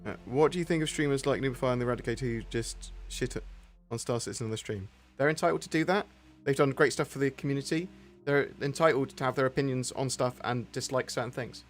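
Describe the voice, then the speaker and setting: A man's voice: medium pitch, fast, few pauses, soft background music. A man answering viewer questions on a live stream in a rambling, candid way, with some mild swearing.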